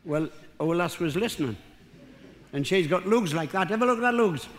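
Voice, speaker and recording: An older stand-up comedian from North East England, with a Geordie accent, performs a rambling, self-mocking routine and banters with the audience. His voice is high-pitched with lively intonation at a moderate pace, recorded in a live hall with faint crowd ambience.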